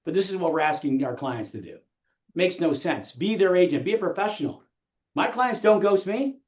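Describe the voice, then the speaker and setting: A man's voice: high voice, lively intonation. A man coaching real estate agents in a motivational training talk, firing rhetorical questions at the audience and acting out clients. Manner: rapid-fire rhetorical questions, acts out clients. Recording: echoey, dull room sound.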